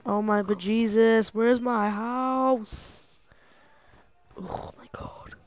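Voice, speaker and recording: A young woman with a slightly high voice narrates her gameplay in a loose, casual way. She talks to herself, gets excitable, swears freely and laughs often. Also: very slow, clear, resonant tone. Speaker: gamer.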